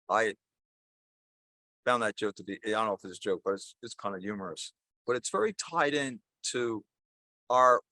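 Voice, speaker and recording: Older priest, chatty homily with jokes, dry close sound. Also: male voice, mid-range voice, sharp tone, dry recording. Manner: conversational, rambling, self-correcting. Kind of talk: sermon with jokes and storytelling.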